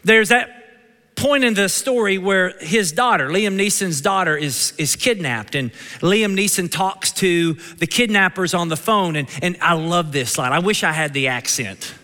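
A man with a Kentucky twang preaches with high-pitched, bright energy. He cracks jokes and keeps calling for amens. His voice rings out with a long church-hall reverb. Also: a little slow. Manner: energetic, joking, calls out for amens. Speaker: pastor. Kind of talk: sermon.

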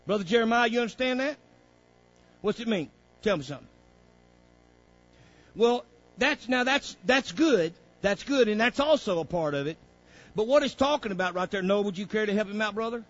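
A man's voice: high voice, lively intonation, normal speed, pauses often, fairly bright tone, muffled recording. A man leading a Bible study lesson for young students, folksy and preacherly, often saying "praise God". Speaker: Bible teacher.

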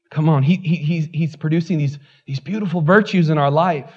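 Male pastor, high voice, lively pulpit delivery with loud peaks and soft asides; dull recording. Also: normal speed, husky. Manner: animated preaching, swinging from loud exclamations to low asides. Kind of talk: sermon.

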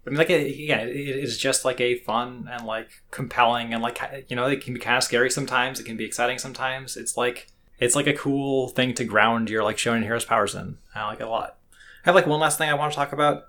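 A man's voice: medium pitch, fairly even intonation, fast, sharp tone, a little hiss or hum. A man co-hosting a podcast in casual chat, rambling with many fillers and restarts. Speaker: podcast co-host.

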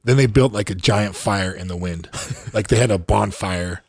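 A man's voice: lowish voice, normal speed, no room sound, clean studio sound. A man teasing and questioning his friends in a casual podcast chat. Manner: teasing, interrupting, skeptical.

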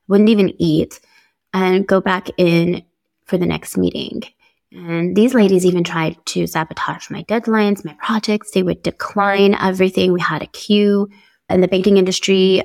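A woman's voice: fairly low pitch, vocal fry, no room sound. A woman hosting a podcast, telling her own story in a candid, conversational way, upbeat and easygoing with small laughs. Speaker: podcast host. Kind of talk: personal storytelling monologue.

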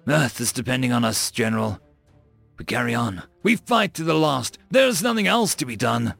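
A man's voice: medium pitch, animated, moderate pace, gravelly, a bit bright, no room sound, faint music behind, exaggerated voice. A man voicing a battle-hardened human fleet commander who growls his words with stubborn defiance. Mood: resolute.

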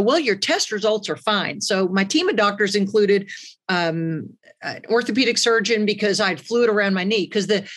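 A woman's voice: mid-range voice, fairly bright tone. A middle-aged woman, a longtime radio and TV journalist, speaking as a guest in a casual interview and telling her story with lots of energy and expression.

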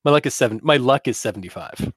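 A man's voice: medium pitch, expressive, quick pace, no room sound, clean studio sound. A man playing a tabletop horror game, talking casually and stumbling over his words. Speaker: player.

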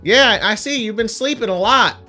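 A brash, rowdy young man hollers and teases in a voice pushed very high and loud, as a man puts him on in a tabletop game. The tone is bright and cutting. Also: normal speed, faint music behind, full character voice. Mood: teasing, rowdy.

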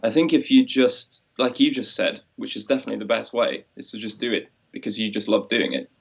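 A man's voice: fairly low pitch, expressive, brisk, gravelly, breathy edge. A man in a casual chat who rambles through his thoughts in a reflective way. He breaks into quoted voices now and then, and the recording sounds slightly dull and lo-fi. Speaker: musician co-host.

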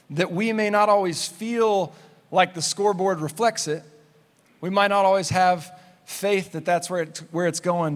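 A man in his thirties preaching a sermon in a church, energetic and conversational, with playful asides. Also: high voice. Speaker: pastor. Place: church sanctuary. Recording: long hall reverb.

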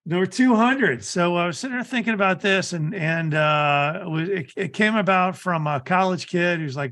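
A middle-aged man hosting a podcast, talking in a relaxed, casual way. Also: high voice, normal speed, few pauses. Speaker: podcast host. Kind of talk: casual chat.

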